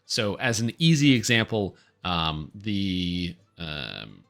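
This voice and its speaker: A man's voice: low-pitched, sing-song, takes it slowly, creaky, a bit bright, faint music behind. A man streaming a video game, chatting casually in a rambling, offhand and opinionated way. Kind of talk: casual live-stream commentary.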